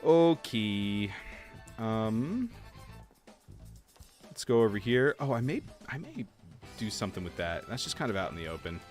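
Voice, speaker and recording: A man chatting casually while live-streaming a game, talking to viewers and laughing softly. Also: fairly low pitch, unhurried, long pauses, faint music behind. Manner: chatty, animated, soft laughs. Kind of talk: casual livestream gameplay chat.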